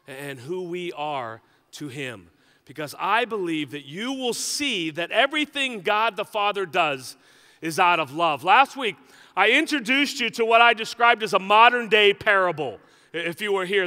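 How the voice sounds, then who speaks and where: A man's voice: high-pitched, pushed and bright, clear, resonant tone. Pastor guy preaching, chatty and jokey, keeps asking "right?", big echoey church hall. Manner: conversational and joking, with frequent "right?" asides. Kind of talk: sermon.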